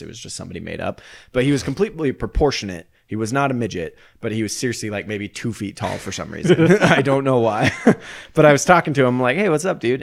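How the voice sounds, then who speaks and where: A man's voice: lowish voice, vocal fry. A man casually telling a long, rambling story on a podcast, laughing often and swearing freely.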